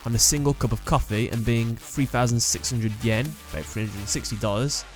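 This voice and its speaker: A man's voice: mid-range voice, brisk, faint music behind. A man hosting a video, reading out character trivia in a plain, matter-of-fact way. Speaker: host. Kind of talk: scripted narration of character trivia.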